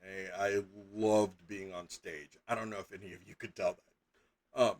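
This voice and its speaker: A man's voice: sits low, steady tone, moderate pace. A middle-aged man chatting casually as a game master on a live stream, rambling with lots of fillers and sudden emphatic bursts.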